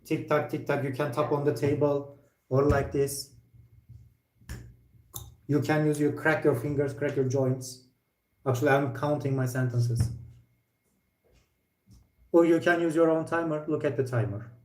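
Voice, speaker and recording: Corrective male teacher, mellow voice. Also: on the high side, steady tone. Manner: direct, corrective, with frequent pauses and playful asides. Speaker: IELTS speaking teacher. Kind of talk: live speaking lesson feedback. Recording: echoey room.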